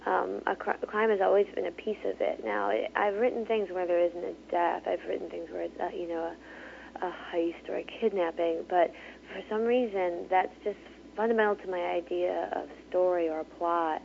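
A woman's voice: fairly low pitch, steady tone, moderate pace, creaky, slight background noise. A woman author talking casually as an interview guest, chatty, with many fillers and frequent laughs. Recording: tinny phone line.

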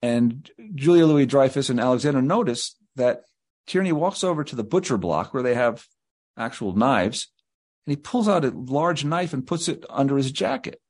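A man's voice: mid-range voice, expressive, normal speed, a little mellow. Rambling male guest telling anecdotes. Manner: rambling anecdotes with quoted voices. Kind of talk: anecdotal storytelling in an interview.

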